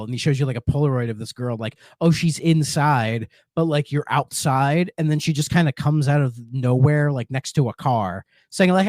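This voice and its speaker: Guy cohosting a podcast, lively up-and-down voice, rambly, super dry close mic. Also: a little high, no room sound. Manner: rambling, many restarts and fillers. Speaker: podcast co-host. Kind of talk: casual podcast chat.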